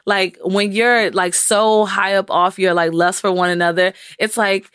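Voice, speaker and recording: Woman co-host, lively chat, acts out quotes, dry close mic, mid pitch. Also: unhurried, hardly any pauses, smooth, no room sound. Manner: animated, acts out quoted voices in high pitch. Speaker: podcast co-host. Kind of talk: casual chat.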